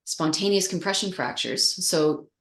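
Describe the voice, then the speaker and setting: A woman's voice: on the low side, lively intonation, a little slow, a bit bright, reverberant. A woman teacher explaining bone health in an interview, thoughtful and searching for words with frequent restarts. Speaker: osteoporosis exercise teacher.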